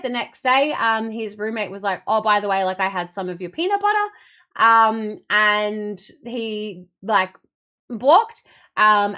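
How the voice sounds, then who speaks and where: A woman's voice: mid-range voice, bright, forceful tone. A woman streamer chatting casually with her viewers, telling rambling stories with plenty of swearing. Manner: rambling, profane storytelling; reads and answers chat messages. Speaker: Twitch streamer.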